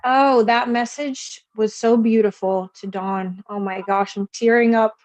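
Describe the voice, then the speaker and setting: A woman's voice: a little high, steady tone, unhurried, a little mellow, no echo. A woman calling in, chatty and searching for words, full of "like" and "you know". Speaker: caller. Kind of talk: casual call-in chat. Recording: dull dry call-in line.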